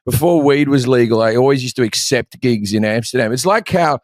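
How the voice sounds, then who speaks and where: A man's voice: medium pitch, brisk, no room sound, clean studio sound. A man in his forties with an Australian accent, a comedian rambling through stories in casual chat and swearing freely. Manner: profane, storytelling, rambling. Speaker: comedian guest.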